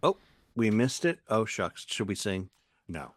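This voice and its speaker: A man's voice: on the low side, sing-song, measured pace, dry recording, studio quality. A man in his sixties teasing wryly in casual banter as a co-host. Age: 60s. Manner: wry, teasing.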